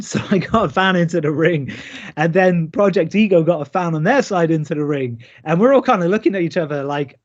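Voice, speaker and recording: A man in his thirties, a wrestler by trade, tells stories from the ring and slips into the voices of the people he quotes. His voice sits a touch high for a man. The sound is dull and lo-fi, like a call recording. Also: brisk. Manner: lively, acts out quoted lines. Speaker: pro wrestler, guest. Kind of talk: remote interview storytelling.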